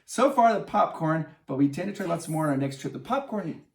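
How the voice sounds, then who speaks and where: A man's voice: fairly high pitch, expressive, a little fast, vocal fry, reverberant, recorded from a distance. A man hosting a casual vlog, reading viewer answers aloud with enthusiasm and frequent laughter. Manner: upbeat, enthusiastic, laughs often. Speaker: vlog host.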